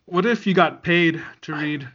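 A man's voice: a little high, unhurried, a bit bright. A man co-hosting a podcast in casual chat, rambling and joking with frequent laughs. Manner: rambling, jokey, laughs often. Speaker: podcast co-host. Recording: dull lo-fi sound.

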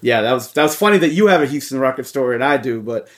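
Guy swearing a lot telling a story on a podcast, loose and animated, regular pitch. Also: racing. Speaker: podcast co-host. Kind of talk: casual storytelling chat.

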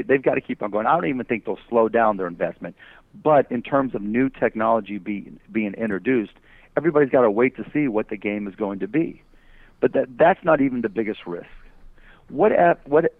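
A man's voice: fairly low pitch, no room sound. A man guesting as an entrepreneur on a phone interview, arguing emphatically through rhetorical questions. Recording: tinny phone line.

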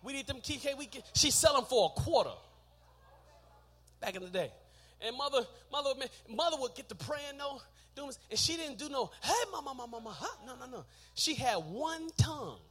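A middle-aged Texan preacher with a very high, bright, ringing voice delivers a sermon in church. He calls on the congregation to answer him back. He tells stories from his childhood, then builds into loud shouted preaching. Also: expressive, normal speed. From Texas. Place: church sanctuary.

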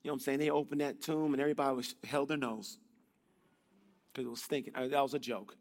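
A man preaching a sermon in a conversational, joking way, swinging between loud and hushed delivery. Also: medium pitch, steady tone, quick pace, long reverb tail.

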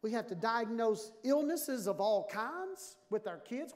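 A man in his fifties preaching a sermon with humor, animated and jokey, acting out little dialogues. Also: very high-pitched, a little slow, few pauses. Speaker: pastor. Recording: long hall reverb.

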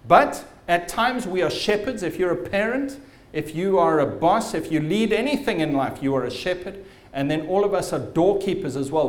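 A man's voice: on the high side, roomy sound. A man preaching a sermon as pastor, telling stories vividly and with emphasis.

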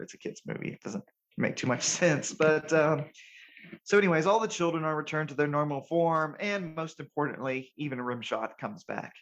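Male podcast host, slightly high voice, relaxed recap chat, chuckles often. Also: normal speed. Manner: relaxed, chuckles while recapping, self-correcting. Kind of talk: casual movie recap chat.

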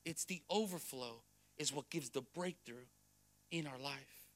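A man pastor delivering a sermon in church, blunt and emphatic, swinging between soft passages and loud ones. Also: medium pitch, a little slow. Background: faint music.

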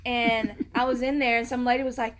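A woman tells stories in casual podcast chat, her voice bright and forward and pitched a little high. She jumps into the voices of the strangers she meets while she tells them. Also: brisk, a little hiss or hum. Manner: animated storyteller, acts out strangers.

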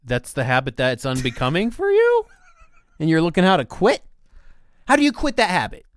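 A man's voice: a little high, huge pitch swings, normal speed, no room sound. A man with a Pittsburgh accent co-hosting a casual podcast, ranting in exasperation about everyday annoyances. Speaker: podcast co-host. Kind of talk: casual chat.

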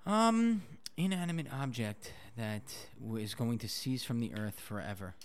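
A young man in a casual podcast chat, rambling through his thoughts. His pitch sits in the middle, and "you know" comes up often. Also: animated, moderate pace. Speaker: podcast co-host.

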